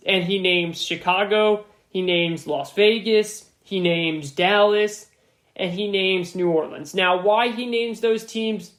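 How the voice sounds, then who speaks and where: A man's voice: high-pitched, a little slow. Emphatic sports podcast guy talking solo, repeats himself a lot, roomy echo on the mic.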